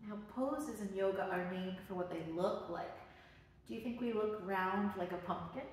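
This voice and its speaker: Woman yoga teacher for kids, slow and gentle, heard from a distance in a very echoey room. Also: mid-range voice. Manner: gentle, encouraging, playful instructions. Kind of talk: guided children's yoga class.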